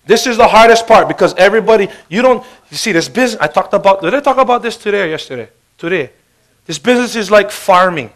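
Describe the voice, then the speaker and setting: A man giving an energetic, joking motivational sales talk. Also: high voice, fast. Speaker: business presenter.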